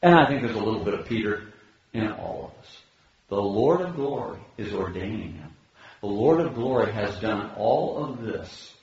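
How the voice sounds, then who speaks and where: A man preaching a sermon as pastor, animated, swinging between loud high exclamations and quiet low asides. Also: moderate pace. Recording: echoey hall, dull lo-fi sound.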